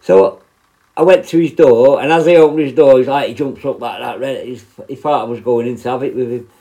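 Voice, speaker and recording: A man's voice: mid-range voice, brisk, warm tone, low-quality recording. A man, a former prison officer hosting a podcast, telling work stories in a blunt, sweary, rambling way. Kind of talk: casual storytelling monologue.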